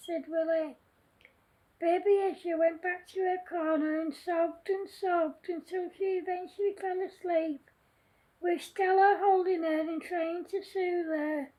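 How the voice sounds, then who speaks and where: Brief: woman storyteller, very high, slow, mellow voice, gentle and earnest. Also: fairly even intonation, rough recording. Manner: earnest and gentle, with small restarts. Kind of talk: reading her own children's story aloud.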